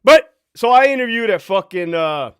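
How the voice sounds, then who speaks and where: A man's voice: sits high, animated, moderate pace, clear, resonant tone, no room sound, studio quality. A man in his thirties hosting a casual livestream from home, cursing freely, laughing and answering chat comments. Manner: profane, boastful, laughing, addresses chat directly. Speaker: livestream host.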